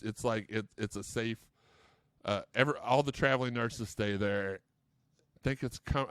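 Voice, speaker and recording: A man's voice: mid-range voice, clear, resonant tone, no echo, clean studio sound. A man hosting a sports podcast, chatting casually and telling rambling, jokey stories full of restarts. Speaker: podcast host. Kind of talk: casual chat.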